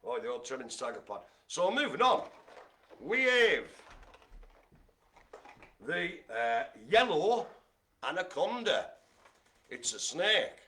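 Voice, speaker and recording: A middle-aged man hosting a live bingo game, chatty and jokey, speaking to his audience as ladies and gentlemen. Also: on the high side, sing-song, slow, pauses often. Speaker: bingo caller and host.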